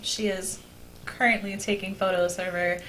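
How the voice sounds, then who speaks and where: A woman co-hosting a casual podcast, chatty and quick to laugh. A faint hum of background noise sits under her voice. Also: mid-range voice, little pitch movement, fairly bright tone, rough recording. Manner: laughs often, chatty and joking. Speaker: podcast co-host. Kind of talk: casual chat.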